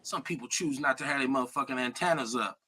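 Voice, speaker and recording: A man's voice: medium pitch, fast talker, husky. A man hosting a live streamed talk radio show, joking and swearing through loose banter with his co-hosts. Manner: animated, profane, joking banter.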